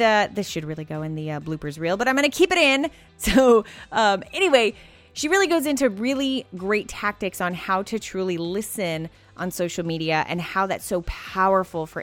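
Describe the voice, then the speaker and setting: A woman hosting a podcast interview, bubbly and upbeat, laughing often and tripping over her words now and then. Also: fairly low pitch. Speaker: podcast host.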